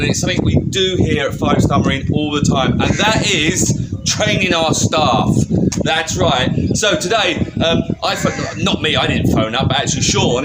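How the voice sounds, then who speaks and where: A man's voice: on the high side, heavy background noise. A man hosting a company vlog, talking in a playful, jokey way and repeating lines for laughs. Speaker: company video host.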